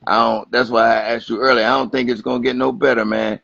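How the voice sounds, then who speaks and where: A man from Atlantic City talks as a guest on a livestream, animated and profane. His voice has a gravelly rasp. The lo-fi stream audio sounds dry and close. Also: mid-range voice, fast, no echo. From Atlantic City, New Jersey. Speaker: guest rapper. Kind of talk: casual interview chat. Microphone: Instagram Live stream.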